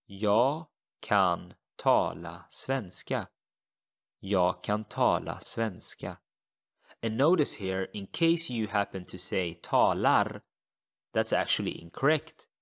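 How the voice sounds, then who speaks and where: A man with a low, gravelly voice teaches a language lesson. He speaks very slowly and deliberately, and he repeats each example phrase so listeners can follow. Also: animated, fairly bright tone.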